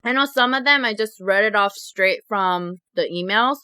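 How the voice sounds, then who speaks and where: A woman vlogger chats casually as she tells viewer confessions, animated and quick to giggle. Her voice is bright and fairly high, with a clean, crisp tone. It is recorded dry and close to the mic. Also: no echo. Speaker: mukbang vlogger.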